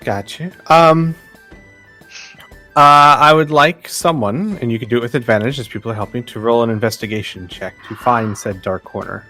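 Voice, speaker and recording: A man's voice: medium pitch, moderate pace, pushed and bright, soft background music. A man running a tabletop game as game master, in an easygoing manner with hesitant fillers.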